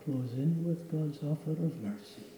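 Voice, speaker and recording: Male pastor, slow solemn sermon delivery, echoey sanctuary sound. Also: on the high side, background noise. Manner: dramatic storytelling, slow and solemn. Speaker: preacher. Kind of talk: sermon illustration and prayer. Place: church sanctuary.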